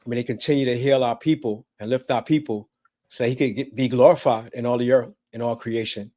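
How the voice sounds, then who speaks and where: A man with a mid-range voice gives closing remarks in the cadence of a prayer. He calls on the Most High in steady, invoking lines. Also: brisk. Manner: prayerful, invocational. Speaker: guest.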